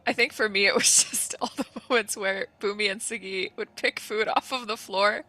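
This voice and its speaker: A woman with a bright, sharp voice, recorded dry and close. She retells game moments in a lively, laughing way. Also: mid-range voice, normal speed, no room sound. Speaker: player. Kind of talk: casual chat.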